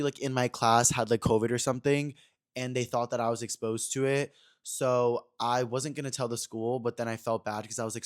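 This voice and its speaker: A young man hosting a podcast, telling a casual story in a chatty way, full of fillers, talking straight to his viewers. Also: mid-range voice. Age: young adult. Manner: chatty, filler-heavy, addresses "you guys". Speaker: podcast host.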